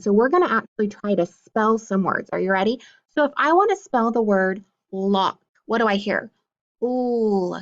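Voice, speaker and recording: A woman teaching a phonics lesson in an upbeat, encouraging way, sounding out letters slowly. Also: mid-range voice, dull audio.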